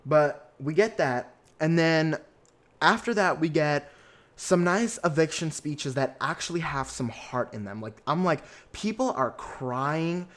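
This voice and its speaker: A young man hosting a podcast, recapping reality TV in a chatty, animated way and acting out his own reactions. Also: on the high side, measured pace. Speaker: podcast host.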